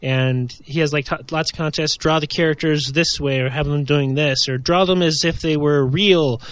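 A man's voice: a little high, fairly even intonation, normal speed, a bit bright, no echo. A man co-hosting a casual podcast chat, rambling with lots of fillers and laughs. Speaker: podcast co-host.

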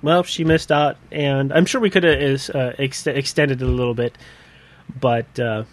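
A man's voice: medium pitch, fairly even intonation, moderate pace. A man hosting a casual podcast, rambling with frequent laughs and fillers. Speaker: podcast host. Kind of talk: casual chat.

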